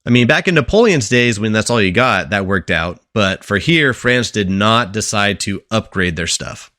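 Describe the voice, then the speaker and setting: A man's voice: fairly low pitch, expressive, normal speed, bright, forceful tone, no room sound. Man, young, casual podcast chat, rambling explainer, dry close sound. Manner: rambling explainer, asks quiz questions, many fillers and restarts. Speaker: podcast co-host presenting a history segment.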